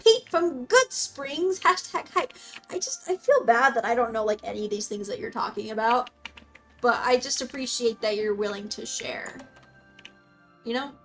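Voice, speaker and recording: A woman's voice: on the high side, normal speed. Bubbly young woman streamer, music behind. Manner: bubbly, excitable, talks to her dog. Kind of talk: casual live-stream chat reading comments. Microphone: desk mic, dog close by.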